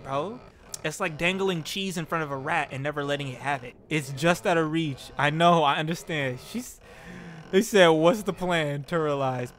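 A young man giving casual commentary while streaming a climbing game, laughing and yelping as he plays. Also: a little high. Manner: excitable, laughs and yelps at the game.

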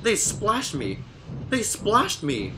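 A man voicing a small, excitable male steam engine who complains in a high, childlike way. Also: normal speed, background noise, lightly acted. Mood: indignant. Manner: shrill, indignant, childlike complaining. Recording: narration over loud music.

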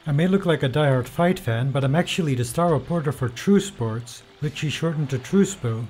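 A man's voice: fairly high pitch, lively intonation, brisk, a little mellow, soft background music, lightly acted. A man voicing a gossipy male sports reporter who poses as a fight fan, boastful and eager about headlines.

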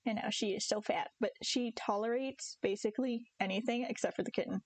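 A woman's voice: on the high side, a little fast, no echo. A young woman streaming a farming game, chatting casually and giggly with her viewers and her cats. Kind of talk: casual live-stream chat.

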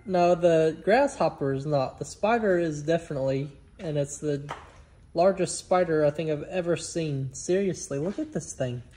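A man vlogging outdoors on his farm, chatty and excitable as he coaxes his animals. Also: a little high, normal speed. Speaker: homestead vlogger. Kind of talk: casual vlog chat.

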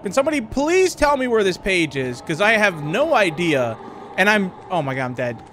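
A young man commentating a horror game as he plays, panicky and repeating words rapidly when scared. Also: high voice, big pitch swings, fairly bright tone, a little hiss or hum. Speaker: gaming YouTuber.

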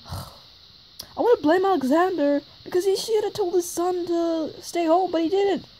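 A woman plays a gruff older male cartoon scientist with a soft heart, his voice sitting fairly high and carrying a faint hiss of noise. He talks in emotional bursts, stammering and exclaiming as feelings overwhelm him. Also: measured pace, rough recording. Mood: grieving. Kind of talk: fan voice acting.

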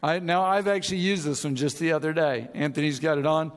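A man's voice: on the high side, steady tone, fairly quick, big-room sound, slight background noise. A man preaching a sermon as pastor, speaking conversationally and acting out both sides of arguments. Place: large church auditorium.

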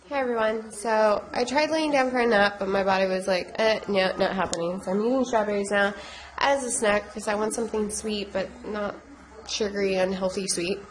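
A woman vlogging at home with a slightly scratchy throat, talking in a relaxed, easygoing way. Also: mid-range voice. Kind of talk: casual chat. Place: home, indoors.

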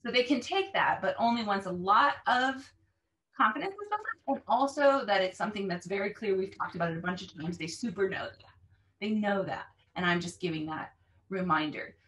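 A woman language teacher explaining how she runs her classes, animated and acting out phrases with exaggerated intonation. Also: medium pitch, a little fast, distant mic.

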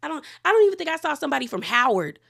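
A woman from the Washington DC area giving a chatty, opinionated recap of a reality show, her pitch jumping up when she gets excited. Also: very fast, creaky. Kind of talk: casual recap commentary.

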